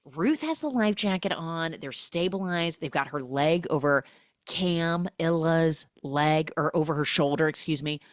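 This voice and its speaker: A woman's voice: low-pitched, measured pace, no echo, clean studio sound. A woman hosting a podcast who recaps a film in a chatty, sarcastic way and fills her talk with "like". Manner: chatty, sarcastic, heavy use of "like". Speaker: podcast host.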